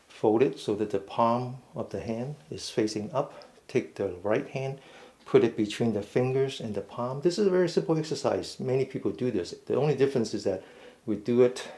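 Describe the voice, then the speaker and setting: A man leads a mindful fitness class in a mid-pitched voice. He gives slow, step-by-step cues for each stretch and often checks in with a quick "okay?". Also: mellow. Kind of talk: guided stretching instruction.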